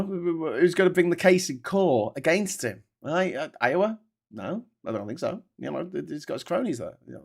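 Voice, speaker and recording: Brit host, higher-pitched, heated sweary rant on politics. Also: male voice. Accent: British. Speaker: host of a political commentary show. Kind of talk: casual ranting political commentary.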